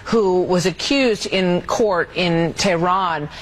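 A woman hosting a news interview, asking measured questions. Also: fairly low pitch, a little hiss or hum, low-quality recording. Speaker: news host.

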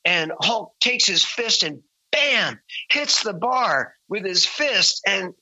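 A man, a musician and author, telling an anecdote in a lively way and briefly acting out the people he quotes. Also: sits high, slow, no echo, highs cut off. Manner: lively storyteller who acts out quoted voices.

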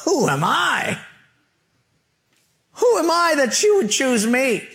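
A man's voice: very high voice, big pitch swings, slow, fairly bright tone, voice pushed up, exaggerated voice. A man putting on a fearful, self-doubting man who stammers and pleads. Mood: pleading. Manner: stuttering, pleading.

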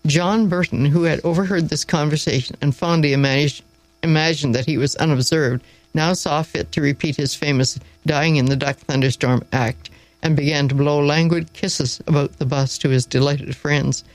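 A woman reading a story aloud in a measured, wry storytelling manner. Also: low voice, steady tone, low-quality recording.

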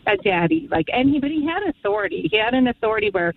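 Fairly high-pitched, very animated, and quick, a woman's voice comes over a phone line to a radio call-in show. She reminisces warmly about her late father, rambling and emotional, on the verge of tears.

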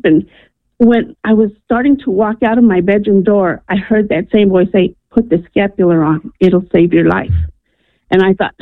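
A woman's voice: on the high side, no echo. A woman calling in to a radio show, telling a personal story earnestly with frequent ums. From New Mexico. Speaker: radio caller. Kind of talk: call-in testimony. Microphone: telephone. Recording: tinny phone line, dry.

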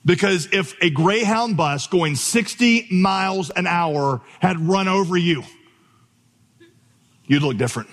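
A man preaching a sermon from a church stage, telling vivid stories with exclamatory, animated delivery. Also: a little high, normal speed, big-room sound. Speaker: pastor.

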